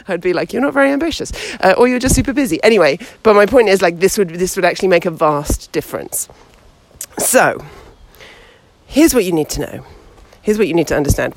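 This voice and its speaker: A woman hosting a podcast, teaching storytelling in a lively, chatty way while she walks outdoors with her baby. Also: medium pitch, a little hiss or hum, low-quality recording. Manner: lively and chatty, with many fillers. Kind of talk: casual instructional talk. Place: outdoors, walking with a baby past traffic.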